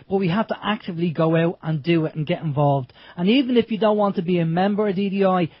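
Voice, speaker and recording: Husky radio host, high voice. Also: male voice, dry recording, highs cut off. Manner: rambling, emphatic, restarts often. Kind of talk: casual radio chat.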